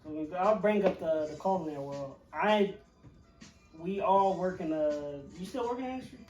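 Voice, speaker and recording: A man's voice: high-pitched, expressive, normal speed, a little mellow. A man, a chef and podcast co-host, telling a rambling, profane story in casual chat with many fillers. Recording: roomy, distant mic with faint music.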